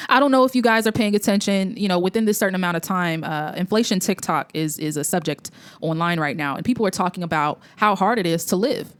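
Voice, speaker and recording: A woman's voice: on the low side, smooth. A young woman hosting an opinion commentary vlog, talking in a preachy, blunt way with lots of fillers and restarts. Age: young adult. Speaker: commentary host.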